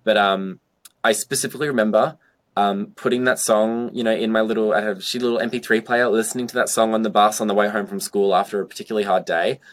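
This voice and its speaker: A young man who performs in drag chats through an interview, telling loose stories packed with "like" and casual swearing. His voice sits fairly low, with fairly even intonation, and he talks fast.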